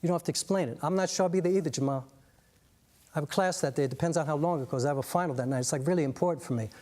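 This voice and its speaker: A man playing a cool, dismissive young woman who brushes people off in short, flat phrases. The delivery is quick. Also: on the high side, pitched below the performer's own voice, lightly acted. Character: young woman, law student, cutting and dismissive. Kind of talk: spoken-word one-man drama.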